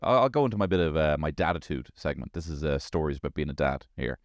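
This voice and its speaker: A man with a Dublin Irish accent, in his thirties, hosting a show with an animated, swearing comic monologue full of tag questions. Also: very deep voice, quick pace.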